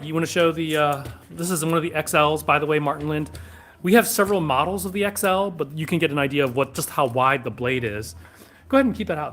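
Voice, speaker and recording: A man hosting a sword shop livestream in a back room, chatting casually and answering viewer questions. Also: mid-range voice. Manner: relaxed, rambling, answers chat questions.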